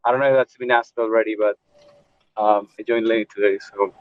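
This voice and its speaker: A man's voice: lowish voice, steady tone, a little fast, dry recording. A man joining a live interview from the audience to ask a polite, loose question. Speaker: audience member asking a question. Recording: dry, muffled lo-fi audio.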